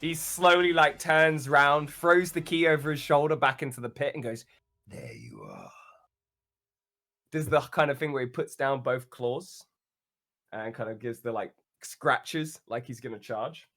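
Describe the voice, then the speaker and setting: Bright, animated man running a tabletop game. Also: on the high side, moderate pace. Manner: animated storytelling, laughs often, many "uh"s. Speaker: game master.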